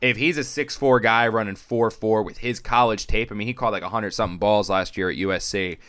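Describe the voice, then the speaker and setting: A young man chatting casually on a sports podcast, telling stories and acting out what others said with big jumps in his voice. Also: brisk. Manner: animated storyteller, acts out quotes with big pitch jumps. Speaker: sports reporter and podcast guest.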